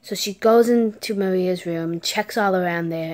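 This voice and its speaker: A woman's voice: lowish voice, moderate pace, darkish tone. A woman vlogger telling a story in a casual way, dropping to a whisper at the tense parts. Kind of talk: story time.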